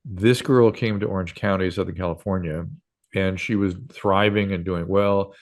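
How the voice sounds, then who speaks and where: A man in his sixties with a fairly low voice, speaking as a guest on an interview show. He tells long stories in a loose, rambling way, full of fillers and restarts. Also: steady tone, moderate pace. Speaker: guest doctor and radio host. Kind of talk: casual interview storytelling.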